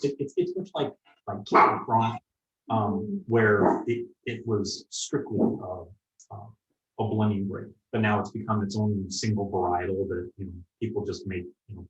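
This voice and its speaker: Man, low voice, explains wine, lots of uh and like, dull far-off recording. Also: level tone, moderate pace. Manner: explanatory, hesitant with many fillers. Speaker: sommelier host. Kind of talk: casual wine tasting chat. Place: room in a home. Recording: echoey room, distant dull mic.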